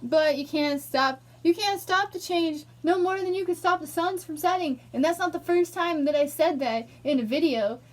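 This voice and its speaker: A woman's voice: very high voice, moderate pace, hardly any pauses. A young woman ranting angrily in a personal vlog, emotional and swearing. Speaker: vlogger.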